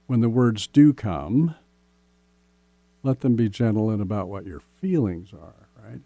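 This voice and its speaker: A man hosting a relationship podcast as a coach, speaking gently and slowly, often ending points with "right?". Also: mid-range voice, sing-song, no echo. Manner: gentle, slow, many "right?" tags. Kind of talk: casual podcast advice.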